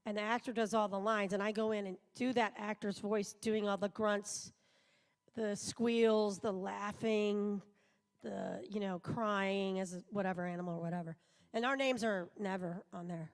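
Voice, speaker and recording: A middle-aged woman from the United States talks on a live convention stage. She is a voice actor, and she rambles in a chatty, self-deprecating way, with plenty of asides. Her voice sits at an ordinary woman's pitch. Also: fairly even intonation, moderate pace. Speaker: voice actor, panel guest. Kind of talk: live convention panel chat. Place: convention auditorium.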